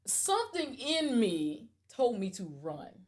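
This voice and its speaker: A woman's voice: on the high side, slow. A woman on a podcast, telling a personal story casually and animatedly, with restarts and stammers when it gets emotional. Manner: animated, acts out the quoted voices. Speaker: podcast host.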